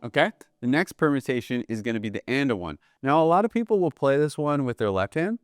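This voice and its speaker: A young man teaching jazz drumming in a relaxed, conversational way, often checking in with "right?" and counting beats aloud as he demonstrates. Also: medium pitch, quick pace. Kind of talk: instructional video lesson.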